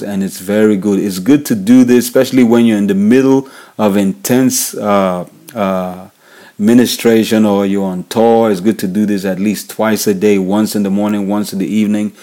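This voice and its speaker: A Nigerian man with a lowish, warm voice and a Nigerian accent hosts a worship leader podcast. He gives casual instructional advice, leaning on fillers and repeating his key points again and again.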